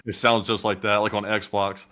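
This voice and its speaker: A man's voice: fairly low pitch, level tone, moderate pace, sharp tone. A man co-hosting in casual chat, rambling with many "like"s and "um"s. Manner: rambling, filler-heavy with "like" and "um". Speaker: co-host.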